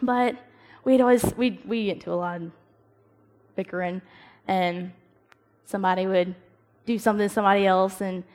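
A young woman with a medium-pitched voice gives a casual devotional talk to a youth group at a moderate pace. She's animated, acts out the voices she quotes, and laughs at herself.

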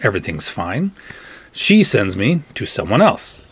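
A middle-aged man hosting a podcast, telling a funny personal story and acting out the other people's lines in a husky voice. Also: lowish voice, measured pace. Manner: animated, acts out quoted voices. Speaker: podcast host. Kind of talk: comic anecdote, casual storytelling.

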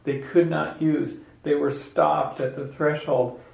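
An older man hosting a podcast, talking reflectively in a salon conversation and reading a measured closing narration. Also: on the high side, level tone, creaky, a little mellow, breathy edge. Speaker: podcast host.

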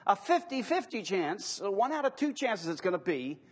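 Husky high-voiced man lecturing emphatically. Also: very animated. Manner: conversational, emphatic repetition, drawn-out key phrases. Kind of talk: classroom lecture on apologetics.

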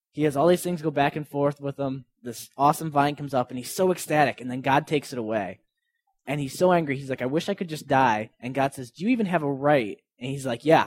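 Earnest man preaching a casual sermon. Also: mid-range voice. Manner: earnest, conversational preaching with Bible readings. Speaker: pastor.

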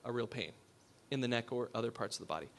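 A pastor preaches in a conversational style, putting questions to his listeners and dropping to a hush for emphasis. His voice is mid-range, animated and fast.

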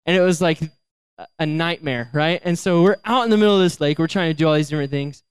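A young man giving a storytelling sermon, lively, acting out voices and laughing as he goes. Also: on the high side, fast, clear, resonant tone, dry recording. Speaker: youth speaker.

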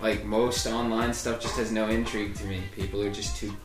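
A man's voice: on the low side, flat delivery, fairly quick, roomy sound, distant mic, over music. A man co-hosting a podcast in casual chat, joking and wry, swearing freely. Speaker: podcast co-host.

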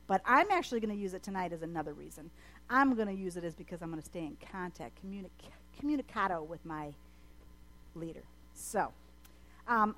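A woman presenting to a group in a casual, rambling way with many fillers. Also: fairly low pitch. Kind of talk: casual chat to an audience.

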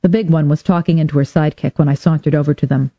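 A woman reading a first-person hardboiled detective story with wry, deadpan delivery. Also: low-pitched, quick pace, no echo. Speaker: audiobook narrator. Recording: dull, dry lo-fi recording.

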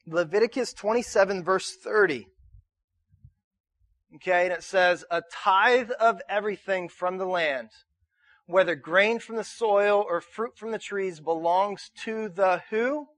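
A man's voice: sits high, measured pace, a bit bright, no room sound, clean studio sound. A man preaching as pastor, talking in a conversational way, asking the congregation to answer back and often repeating words as he restarts. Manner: conversational preaching with call-and-response questions. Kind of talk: sermon.

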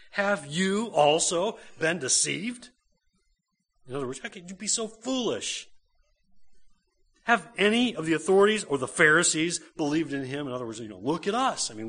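A man's voice: fairly high pitch, sharp tone. A man, a pastor, preaching a conversational sermon to a church congregation.

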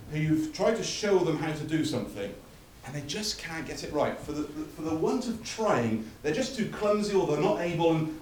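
A man delivers a building, emphatic sermon full of repeated phrases, picked up from a distance in an echoey church hall. His voice is on the high side with a darkish tone, over slight background noise.

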